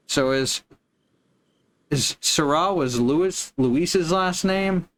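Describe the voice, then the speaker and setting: A man's voice: a little high, extremely slow, a bit bright. A man streaming a video game, giving casual commentary with wry, joking asides.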